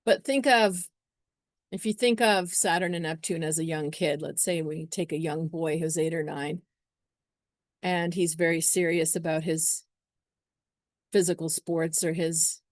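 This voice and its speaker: A woman's voice: low voice, fairly even intonation, measured pace, no room sound, clean studio sound. A woman astrologer talking casually to her viewers, chatty and meandering, slipping into acted-out little scenes. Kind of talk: casual astrology talk to camera.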